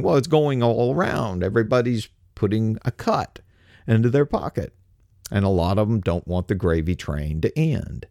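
An older man hosting political commentary in a sarcastic, mocking tone. His pitch swings widely as he talks, and he often stumbles over repeated words. The recording is dry and close. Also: expressive, normal speed, darkish tone, no room sound. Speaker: host.

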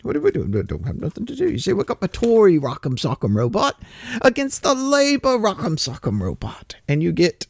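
Guy doing a snarky political rant, higher voice that swoops around a lot, dry close sound. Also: huge pitch swings, normal speed, creaky, husky, dry recording. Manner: sarcastic, mocking, with laughs. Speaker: political commentator. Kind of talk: opinion monologue.

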